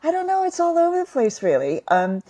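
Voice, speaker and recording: A middle-aged woman from England, a comedy writer chatting as a podcast guest, talkative and quick to laugh at herself. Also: very high voice, wildly swooping pitch, dark tone. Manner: chatty, laughs often, self-deprecating. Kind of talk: casual podcast interview.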